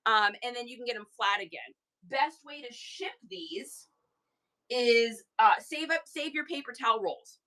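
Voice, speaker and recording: Bright-voiced chatty woman. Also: on the high side, measured pace. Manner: chatty, animated, rambling asides. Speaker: reseller livestream host. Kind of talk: casual livestream chat.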